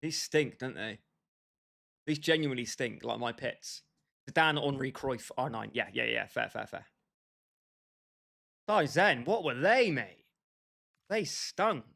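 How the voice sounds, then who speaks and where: A man's voice: mid-range voice, expressive, slow, vocal fry, pauses often, pushed and bright. A young man livestreaming a football game, bantering and joking with his chat and calling viewers by name. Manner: bantering, jokey, talks straight to chat by name. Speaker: gaming livestreamer.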